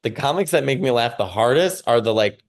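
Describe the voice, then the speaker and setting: A man's voice: medium pitch, animated, brisk. Chatty man with a Chicago accent. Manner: rambling and conversational, many fillers and restarts. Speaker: stand-up comedian, guest. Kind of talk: casual interview chat. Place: at home.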